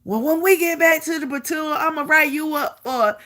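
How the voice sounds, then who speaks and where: A woman's voice: sits high, moderate pace, sharp tone, voice pushed up. A woman putting on a stern male drill sergeant who hollers repeated orders. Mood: barking.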